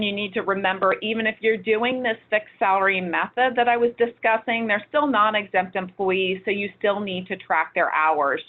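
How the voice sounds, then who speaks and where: A woman presenting a webinar, explaining the steps in a practical, conversational way, with frequent fillers and restarts. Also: lowish voice. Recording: tinny phone-like audio.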